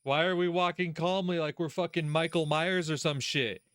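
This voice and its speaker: A man hosting a let's play, giving casual gaming commentary in an animated, profane way, laughing often and talking straight to the character. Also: on the high side, normal speed, clean tone, dry recording.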